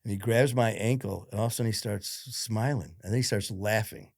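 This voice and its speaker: A man's voice: fairly low pitch, brisk, vocal fry, no echo, clean studio sound. Blunt, profane man telling his story. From Detroit, USA. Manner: blunt, profane, retells events with quoted dialogue. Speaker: podcast guest. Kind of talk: casual interview storytelling.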